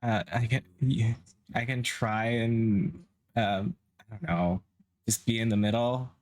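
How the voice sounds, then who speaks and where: A man playing a tabletop game who thinks aloud in quick, lively bursts. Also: mid-range voice. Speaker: player. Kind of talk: casual tabletop play.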